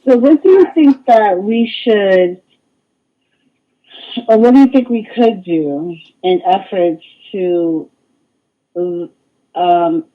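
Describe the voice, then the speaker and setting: A woman co-hosting a live radio stream, speaking thoughtfully and picking her words with care. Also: on the low side. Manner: thoughtful, measured, chooses words carefully. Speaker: radio show co-host. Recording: phone-like narrow sound.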